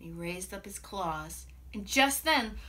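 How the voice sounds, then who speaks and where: Expressive woman telling a children's story. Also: medium pitch, takes it slowly. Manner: animated, expressive read-aloud with sound effects. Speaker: music teacher. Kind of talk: storytelling to children with ukulele song.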